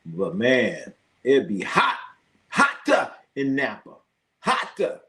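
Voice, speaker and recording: Casual, profane sports stream host. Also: male voice, medium pitch, wildly swooping pitch, takes it slowly, pushed and bright. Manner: loose, profane, reacts to chat. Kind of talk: casual live-stream chat.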